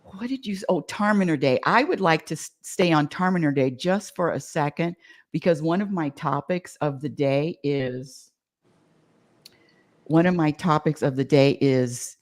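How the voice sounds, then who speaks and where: Middle-aged woman co-host, playful, low voice, casual chat. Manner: playful, spells out words slowly.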